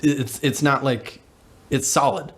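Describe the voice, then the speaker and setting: A man's voice: mid-range voice, steady tone, slow pace, fairly bright tone. A young man co-hosting a podcast, telling a rambling story in casual chat and laughing as he goes. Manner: rambling, laughing, acts out voices in anecdotes. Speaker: podcast co-host.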